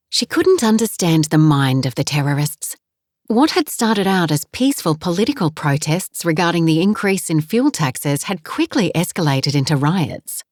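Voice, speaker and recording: A woman narrating a romance audiobook in a calm, measured reading. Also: on the low side, no room sound. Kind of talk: scripted narration. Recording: dry close studio voice.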